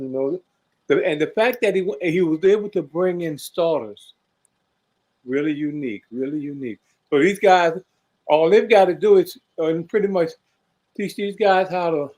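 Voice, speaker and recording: A man on a video call chatting casually about football, relaxed and musing, often saying "you know". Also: sits high. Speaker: show panelist. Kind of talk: casual sports chat.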